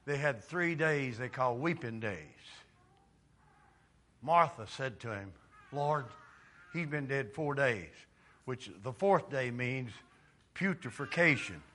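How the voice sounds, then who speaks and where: A man preaching a sermon dramatically, dropping quiet and then rising to loud, impassioned cries. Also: mid-range voice. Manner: dramatic, swings from quiet to shouting.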